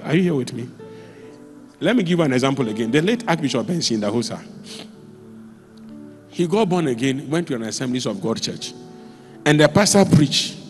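A man preaching a sermon as a pastor, telling stories with sudden jumps in pitch and loudness. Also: big-room sound. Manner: animated storytelling, with sudden jumps in pitch and volume. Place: church.

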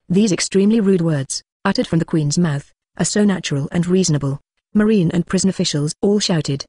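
A flat, machine-made voice reads a novel aloud at a steady, middling pitch, even speaking punctuation marks as words. The sound is close and dry, with no room around it. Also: fairly quick, dry recording. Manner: flat synthetic reading that speaks punctuation and stray numbers aloud. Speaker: audiobook narrator. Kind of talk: scripted novel narration.

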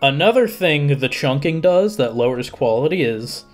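A man hosting a casual software tutorial, explaining things step by step in a relaxed, conversational way with fillers. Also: on the high side, moderate pace, faint music behind. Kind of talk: casual screen-recorded tutorial.

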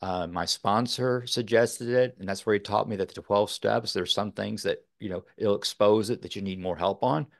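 Man from Texas, very low voice, gravelly, dry close sound, earnest, rambling. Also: normal speed, hardly any pauses, dry recording. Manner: rambling, earnest, many fillers. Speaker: podcast guest. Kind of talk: casual interview talk.

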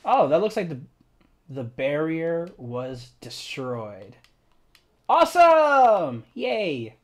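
Excitable man commenting on a game. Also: medium pitch, slow. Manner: excitable, loud outbursts and stammering reactions. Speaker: let's play gamer. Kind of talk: let's play commentary.

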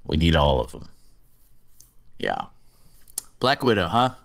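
A man's voice: a bass voice, huge pitch swings, slow, gravelly, no room sound. A man co-hosting a podcast in casual chat, with wry, self-deprecating banter, recorded through a remote streaming app. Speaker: podcast co-host.

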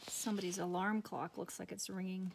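Teacher reading a picture book aloud. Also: female voice, fairly low pitch, level tone, brisk, vocal fry, very noisy. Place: classroom.

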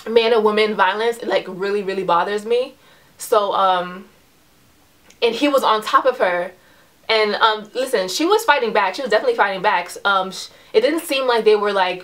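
Woman, 20s, from New York, casual chat, lots of likes and ums, animated storytelling, mid-pitched voice. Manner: chatty, heavy use of "like" and "um"; animated storyteller, voice rises when retelling the confrontation. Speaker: vlogger.

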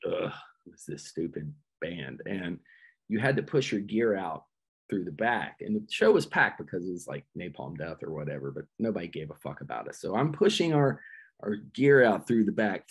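A middle-aged man telling stories on a podcast in a casual, animated, profane way. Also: breathy edge. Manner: animated, profane, jumps into high-pitched quoted voices. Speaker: podcast guest, metal vocalist. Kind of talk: casual storytelling chat.

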